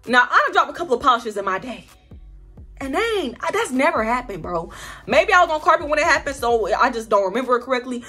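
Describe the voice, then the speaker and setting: A young woman telling a storytime vlog in an animated, slangy way, acting out the people in her story. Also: high-pitched, quick pace, breathy edge, soft background music. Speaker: vlogger.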